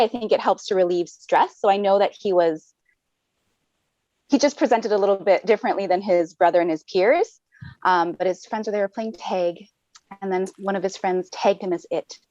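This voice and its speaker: A woman's voice: mid-range voice, darkish tone, no echo, lo-fi sound. A woman, a mother of three, telling a personal story on a webinar, earnest and often saying "like.". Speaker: webinar guest. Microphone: video call.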